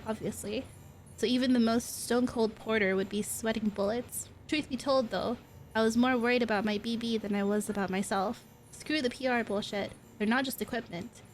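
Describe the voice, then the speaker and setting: A woman's voice: on the high side, slight background noise, lightly acted, low-quality recording. A woman reading aloud the lines of a caring male porter who talks earnestly about looking after babies. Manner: reads game dialogue aloud in an earnest, plain voice.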